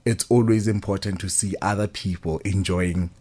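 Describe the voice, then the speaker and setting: A man's voice: deep voice, steady tone, normal speed, a little mellow, husky. A South African man, a chef, talking easily in a radio studio interview and mixing in Setswana phrases. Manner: easygoing, mixes in Setswana phrases.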